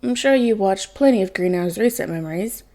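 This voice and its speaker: A woman's voice: mid-range voice, expressive, brisk, mellow, lightly acted. Woman reading as a cocky young vigilante. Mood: smug. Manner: smug, teasing, theatrical. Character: cocky young man posing as Batman.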